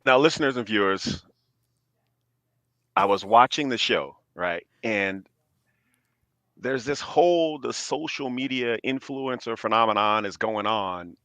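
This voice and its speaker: A man in his forties talks as a podcast guest, earnest and measured, often tagging his points with "right?". His voice sits in a middle range and is recorded close and dry, with no room echo. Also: mid-range voice, animated, bright, forceful tone. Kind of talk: casual chat.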